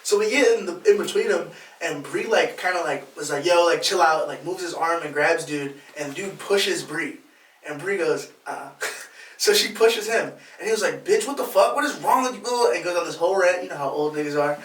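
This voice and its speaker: Animated man telling a wild bar story. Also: a little high, normal speed, far from the mic. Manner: animated, acts out quoted voices, laughs mid-story. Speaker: podcast co-host. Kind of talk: casual storytelling chat. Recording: roomy, off-mic podcast audio.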